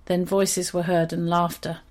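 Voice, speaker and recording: A woman with a fairly low voice reads a children's story aloud. Her telling is expressive and steady, with an even, unhurried delivery.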